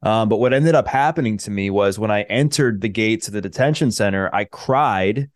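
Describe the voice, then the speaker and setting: A personal trainer tells his life story as a podcast guest, his voice fairly low and his speed normal. He's earnest, full of fillers like "um" and "like" and frequent restarts, in a dry, studio-quality recording.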